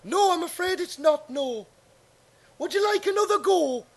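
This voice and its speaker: A man's voice: very high voice, animated, moderate pace, voice pushed up. A man playing an over-eager, fussy middle-aged game show host with bouncy presenter patter. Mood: chirpy.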